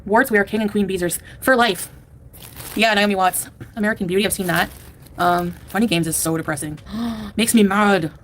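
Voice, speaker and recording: Excitable woman thanking livestream donors. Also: mid-range voice, moderate pace, slight background noise. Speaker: livestream host. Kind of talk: casual livestream chat reading donations.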